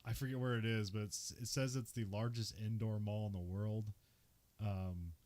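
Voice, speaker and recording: A man's voice: on the low side, steady tone, normal speed, darkish tone. A young man hosting a podcast, casually recapping a film with lots of filler words and laughs. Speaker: podcast host. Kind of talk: casual movie recap chat.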